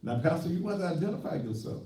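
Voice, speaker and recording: A man's voice: fairly high pitch, expressive, quick pace, mellow, recorded from a distance. Brash, boastful male pastor on air. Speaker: pastor hosting a call-in show. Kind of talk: call-in talk show rant. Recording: echoey room, voice from off the mic.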